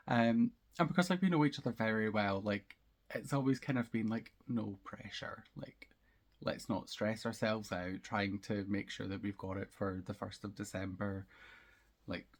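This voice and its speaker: Male podcast host, husky and a bit gravelly, rambling chatty delivery full of fillers. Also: on the low side. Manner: chatty, rambling, lots of ums and likes; laughs easily. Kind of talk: casual chat about knitting and crochet projects.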